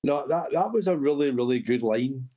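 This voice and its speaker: A man's voice: mid-range voice, lively intonation, moderate pace, narrow, tinny audio. A Scottish man, a podcast guest, chatting on a live call and reminiscing in long flowing runs. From Scotland. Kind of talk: casual chat on a live voice call.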